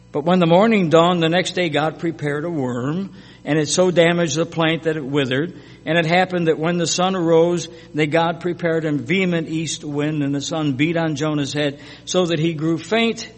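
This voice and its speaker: A man's voice: a little high, moderate pace, big-room sound. A man preaching a sermon, reading scripture and commenting with emphatic, conversational asides.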